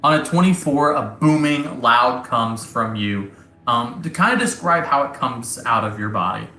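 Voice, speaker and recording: Bright-voiced man running a tabletop game. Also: medium pitch, expressive, moderate pace. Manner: casual, hesitant with fillers. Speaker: game master. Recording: echoey room.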